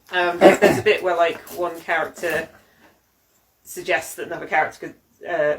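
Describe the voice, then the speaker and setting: A woman's voice: sits low, poor audio. A woman co-hosting a casual hobby chat, talking at length about a book with many fillers and restarts. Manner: rambling, lots of fillers and restarts. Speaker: podcast co-host.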